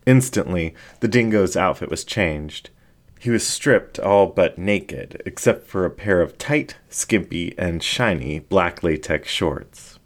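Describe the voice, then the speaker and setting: A male narrator reading a story with a very deep, low voice. He takes his time, letting each phrase land slowly and evenly. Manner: measured, unhurried.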